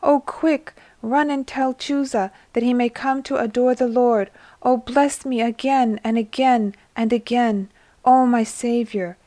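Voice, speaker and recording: A woman voicing Johanna, a young woman newly cured and overjoyed, who speaks fervently, higher and louder than the narration, in a storybook reading. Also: unhurried, no room sound, natural voice. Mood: ecstatic.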